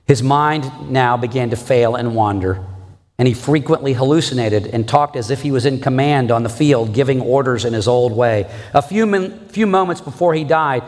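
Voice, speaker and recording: A man's voice: mid-range voice, normal speed, darkish tone. Earnest preacher guy, rhetorical questions, big echoey church hall. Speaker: pastor. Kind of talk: sermon.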